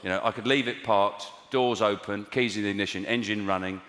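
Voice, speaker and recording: An English stand-up comedian performs on a large theatre stage before a live audience, wry and exasperated with bursts of mock outrage. His voice is fairly low and steady, and he talks briskly. Heard through a stage mic, the hall is echoey and the audience laughs loudly.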